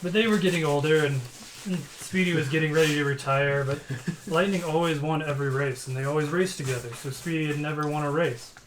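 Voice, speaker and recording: A man's voice: a little high, fairly quick. Male player, playful joke storyteller, roomy room, faint hiss. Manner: playful, chuckles through the telling. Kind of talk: shaggy-dog joke storytelling.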